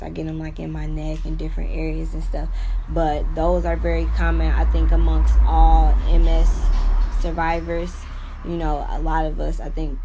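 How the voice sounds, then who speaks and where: This young vlogger has a deep, creaky, mellow voice, with a little hiss or hum in the recording. Talking off the cuff about her illness, she rambles earnestly about her life, leaning often on "you know" and "like."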